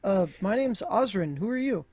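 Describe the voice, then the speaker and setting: A man playing in a tabletop game, relaxed and hesitant with fillers. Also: high-pitched, normal speed, husky, no room sound. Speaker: player. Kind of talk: casual tabletop play.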